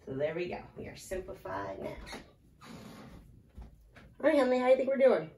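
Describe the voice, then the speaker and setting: A woman's voice: a little high, big pitch swings, normal speed, dark tone. A woman teaching a casual math lesson at a whiteboard, talking through each step aloud and chatting with a small child she holds. She sounds slightly out of breath. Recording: echoey room, voice from a distance.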